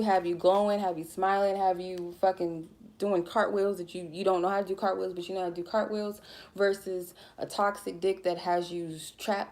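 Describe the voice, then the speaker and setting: Chill woman doing a tarot reading, dark mellow voice, swears a lot, real laid back. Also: on the low side. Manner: blunt, profane, mellow and chill. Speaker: tarot reader. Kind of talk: casual spiritual reading monologue.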